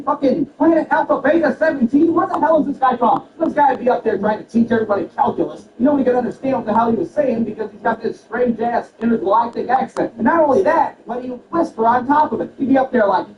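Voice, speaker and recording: High-voiced man cursing through a comedy story. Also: fast talker, few pauses. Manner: crude, profane storytelling with put-on quotes. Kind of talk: stand-up comedy set. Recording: roomy, distant and muffled, with noisy ambience.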